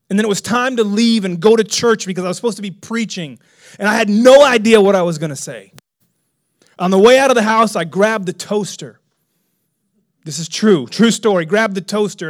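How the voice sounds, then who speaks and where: A middle-aged male pastor telling a story in a sermon, animated, bursting into loud excited exclamations. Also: high-pitched.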